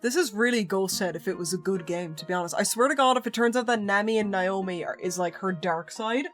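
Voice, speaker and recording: A woman's voice: mid-range voice, fast talker, fairly bright tone, soft background music. A woman streamer making joking, slangy asides while reading a game aloud. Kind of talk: casual stream commentary.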